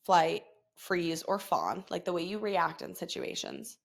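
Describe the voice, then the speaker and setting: A woman's voice: lowish voice, lively intonation, a little slow, gravelly. A woman hosting her own podcast, telling a story in a profane, dramatic, casual way full of fillers. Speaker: podcast host. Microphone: podcast microphone.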